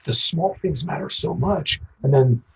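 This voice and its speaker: A man's voice: fairly high pitch, lively intonation, measured pace, a little hiss or hum, rough recording. A man, a guest on a podcast, giving practical sales tips in an upbeat, casual way. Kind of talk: casual interview chat.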